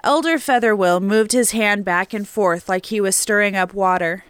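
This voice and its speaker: A woman narrating an audiobook in a steady, even storytelling manner. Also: medium pitch, normal speed, hardly any pauses, clear, resonant tone, no room sound. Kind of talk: scripted narration. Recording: clean dry studio recording.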